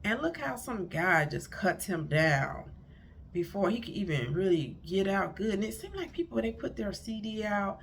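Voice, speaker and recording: A woman's voice: medium pitch, very animated, moderate pace, gravelly, a little hiss or hum. A middle-aged woman, a marriage counselor, giving blunt, rambling relationship advice, recorded on her phone. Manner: chatty, blunt, rambling with self-corrections. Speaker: marriage counselor and life coach vlogger. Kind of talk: casual advice monologue to camera.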